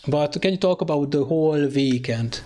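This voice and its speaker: A man commentating an online sim racing event, excitable and hesitant, with phrasing and lots of fillers. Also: a little high, moderate pace. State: out of breath. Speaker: race commentator.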